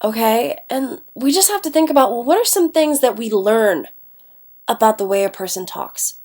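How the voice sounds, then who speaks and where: With lively intonation at normal speed, this woman's high, darkish voice fills a recorded lecture. The Ohio English teacher sounds stuffed up, keeps things chatty, and repeatedly checks in with "okay?".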